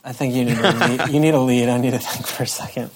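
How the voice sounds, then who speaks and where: A man co-hosting a casual podcast in a deadpan, sweary way. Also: mid-range voice, fast, breathy edge. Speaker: podcast co-host. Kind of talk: casual chat.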